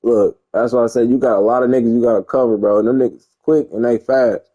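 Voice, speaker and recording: A man's voice: mid-range voice, fairly even intonation, fast, mellow, highs cut off. A young man talking casually and profanely over his football video game, rambling and boasting. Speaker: gamer streamer. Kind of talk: casual gameplay commentary.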